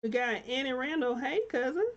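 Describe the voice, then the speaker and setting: A woman's voice: high-pitched, normal speed, dull audio. A woman hosting her own live-stream talk show, greeting viewers by name and encouraging them in a preacher-like way. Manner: warm encouraging, churchy preacher-like exhortation.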